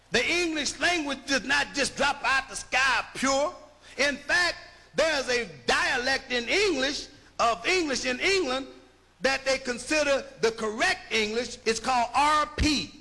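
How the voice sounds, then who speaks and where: A man's voice: very high voice, sharp tone. A man giving an emphatic, rhetorical lecture, punching his points and checking that listeners follow. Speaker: linguistics lecturer. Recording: long hall reverb.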